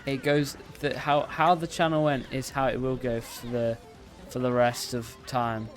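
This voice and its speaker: A man's voice: mid-range voice, level tone, measured pace, faint music behind. A man live-streaming a racing game, chatting casually with his viewers in a rambling, self-interrupting way. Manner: bursts into loud repeated "no, no" while playing. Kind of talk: casual live-stream chat while gaming.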